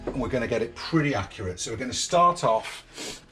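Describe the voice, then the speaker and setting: A man's voice: mid-range voice, lively intonation, fairly quick, music in the background. A man, a vlog host patiently walking his son through a hands-on boat repair, one step at a time. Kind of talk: hands-on DIY explanation. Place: outdoors at a boatyard in light rain.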